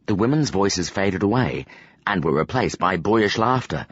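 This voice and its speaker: Low, husky male audiobook narrator. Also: expressive, normal speed, no echo. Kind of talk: scripted fantasy narration. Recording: dull lo-fi audio, dry.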